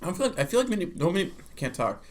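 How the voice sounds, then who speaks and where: A man's voice: high voice, big pitch swings, very fast. A young man co-hosting a casual comedy chat in an upbeat way, leading into segments like an announcer. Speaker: co-host.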